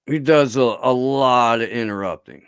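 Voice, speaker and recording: A man's voice: medium pitch, normal speed, clear, resonant tone, no room sound. A man chats casually as a podcast guest, spinning a long story. His talk is rambling and profane, full of fillers and restarts. The sound is dry and close.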